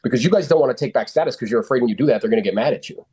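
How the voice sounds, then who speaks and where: A man's voice: medium pitch, lively intonation, racing, dark tone, husky. A man coaching real estate agents on sales calls, blunt and confident, swearing freely and using lots of fillers.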